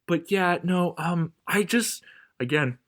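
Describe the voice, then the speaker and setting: A man's voice: high-pitched, animated, slow, a bit bright. A man co-hosting a casual film podcast, rambling with many "like" and "um" fillers. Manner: rambling, filler-heavy, lots of "like" and "um". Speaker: podcast co-host.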